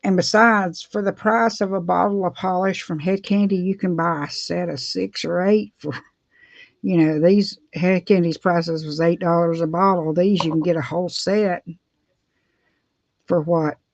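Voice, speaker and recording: A woman's voice: lowish voice, steady tone, measured pace, vocal fry, no echo. A middle-aged woman, chatting casually and rambling with frequent laughs while doing her nails for a vlog. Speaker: beauty vlogger. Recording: dull dry lo-fi sound.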